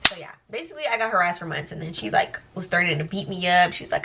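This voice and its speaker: A young woman, a lash tech, telling a story casually and acting out what people said with big jumps in pitch. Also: fast talker, hardly any pauses, distant mic, rough recording. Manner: animated, acts out quoted dialogue with big pitch jumps. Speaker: lash technician vlogger.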